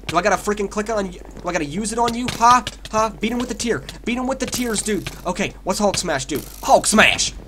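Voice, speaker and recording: A man's voice: high-pitched, lively intonation, quick pace, few pauses, noisy background. Hyped young man trash-talking through gameplay. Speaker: gaming YouTuber. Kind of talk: excited gameplay commentary.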